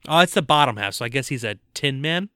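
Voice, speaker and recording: A man's voice: mid-range voice, animated, quick pace, pushed and bright, clear, resonant tone, dry recording, studio quality. A man co-hosting a casual movie-review podcast, joking and recapping the plot with stumbles and laughs. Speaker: podcast co-host.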